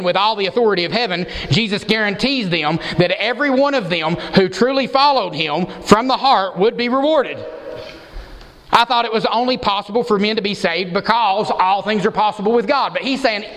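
A man's voice: high-pitched, moderate pace, a bit bright. A man preaching an expository sermon as pastor, emphatic and posing rhetorical questions to the congregation. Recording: long hall reverb.

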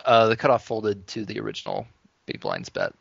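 A man's voice: fairly low pitch, a little fast, gravelly, breathy edge, dry recording, muffled recording. A man co-hosting a casual poker podcast, laughing often and retelling hands. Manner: laughs often, lively delivery. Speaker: podcast co-host.

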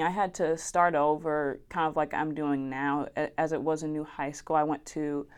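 A woman's voice: low voice, clean tone. A young woman from New Jersey hosting her own podcast, chatting and rambling in a casual solo monologue with frequent giggles. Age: young adult. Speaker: podcast host.

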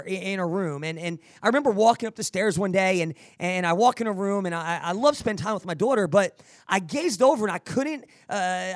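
A man with a fairly high voice delivers motivational advice as a podcast host, energetic and preachy. He often stumbles back over his words as he pushes his point, and the recording is dry and close. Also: no echo. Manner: energetic, preachy, repeats words while restarting. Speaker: podcast host answering listener questions.

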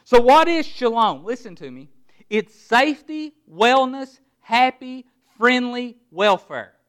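A middle-aged pastor preaches a sermon, stressing words one by one and posing rhetorical questions, often sinking to a low, quiet voice on key words. His pitch swings widely, and his delivery is slow and smooth.

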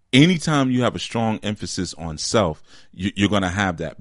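A man giving an informal spiritual teaching, conversational and deliberate, often checking in with "you see?" and slowing down to stress key words. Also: sits low, no room sound, studio quality.

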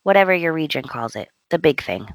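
A woman's voice: deep voice, big pitch swings, brisk, dry recording. A woman co-hosting a podcast, chatting about soap opera scenes and quoting characters in a raised voice. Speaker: podcast co-host. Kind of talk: casual soap opera recap chat.

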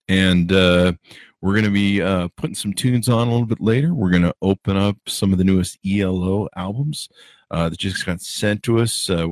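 A man's voice: low-pitched, no room sound, studio quality. A man hosting his own live internet radio show, rambling casually with crude jokes and self-mocking asides. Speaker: podcast host. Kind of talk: casual live-stream chat.

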